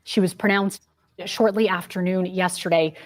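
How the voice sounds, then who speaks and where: A woman news anchor giving a formal, measured broadcast news report. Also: fairly low pitch, fairly even intonation.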